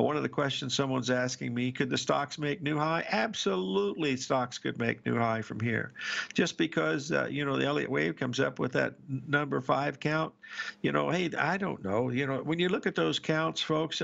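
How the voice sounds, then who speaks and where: An older man with a deeply gravelly, crackling voice talks through market charts and stories at an easygoing, meandering pace. His delivery is muffled and lo-fi, like a dull broadcast feed. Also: fairly bright tone. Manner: rambling, repeats words, addresses listeners as folks. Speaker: trading show host. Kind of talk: casual market commentary and storytelling.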